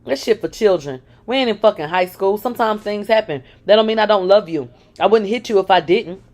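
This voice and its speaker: A man's voice: fairly high pitch, a little fast, darkish tone, natural voice. A woman reading out the lines of a controlling, manipulative man, her former lover, in a brash, dismissive way that turns coaxing.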